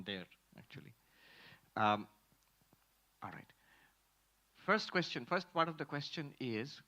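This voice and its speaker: Animated monk lecturing. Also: male voice, on the high side. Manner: animated, emphatic, pauses to repeat key phrases. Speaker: monk teaching Vedanta. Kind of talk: spiritual lecture with audience Q&A. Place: lecture hall with audience. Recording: muffled lo-fi lecture recording.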